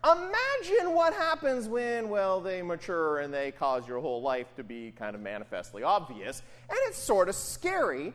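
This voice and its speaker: A pastor gives a conversational sermon in a casual, animated style, speaking at a medium pitch and a moderate pace with few pauses. He often checks in with listeners by asking "right?"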